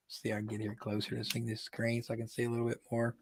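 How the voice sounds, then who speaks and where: A man's voice: mid-range voice, very fast, hardly any pauses, no echo, studio quality. Joking man hosting a livestream. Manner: joking, animated, laughs often. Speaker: livestream host. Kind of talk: casual livestream talk. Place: his studio. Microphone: phone or computer livestream.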